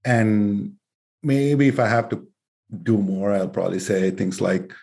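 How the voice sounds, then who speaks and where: Relaxed lower-voiced male host. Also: a little slow, gravelly. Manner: relaxed, joking, personal storytelling. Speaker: interview host. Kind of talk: conversational interview.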